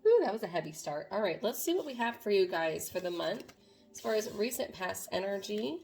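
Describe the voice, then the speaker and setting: A woman's voice: medium pitch, sing-song, a little fast, vocal fry, a little mellow, soft background music. A woman doing a casual tarot reading to camera, talking to viewers in an earnest, meandering way. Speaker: tarot reader.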